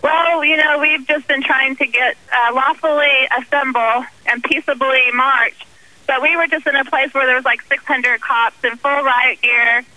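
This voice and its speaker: A woman's voice: sits high, steady tone, moderate pace, pushed and bright, no echo, poor audio. A woman activist speaking by phone in an interview, earnest and indignant, with many ums. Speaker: guest activist.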